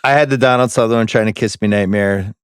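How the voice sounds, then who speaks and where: A man's voice: on the low side, quick pace, clear, resonant tone, no echo. A man hosting a casual movie podcast, wry, running through award categories in a dry studio. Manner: wry, list-running, acts out quotes in loud bursts. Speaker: podcast host.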